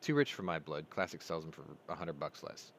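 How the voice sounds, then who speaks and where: A man's voice: extremely low pitch, big pitch swings, fairly quick, a bit bright. A man hosting a casual stream, rambling through stories and laughing at his own jokes. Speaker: host. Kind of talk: casual live-stream chat.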